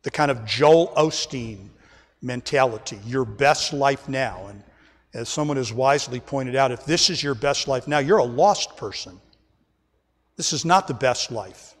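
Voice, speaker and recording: In a church sanctuary during a service, a man with a medium-pitched voice preaches an emphatic sermon as pastor, speaking at a measured pace. He often addresses the congregation as folks, and his words trail off into a long reverb tail.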